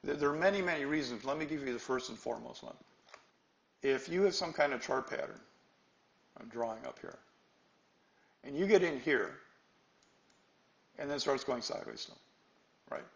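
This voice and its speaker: A man's voice: medium pitch, animated, moderate pace, gravelly, long pauses. Emphatic male trading instructor, echoey room. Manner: emphatic, quizzes students with questions. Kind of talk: live trading class lecture.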